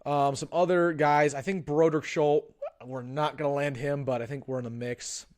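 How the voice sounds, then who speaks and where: Chatty young man, slightly high voice. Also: steady tone, moderate pace, darkish tone. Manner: chatty, thinks aloud, frequent restarts and ums. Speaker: sports livestream host. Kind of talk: casual live-stream commentary.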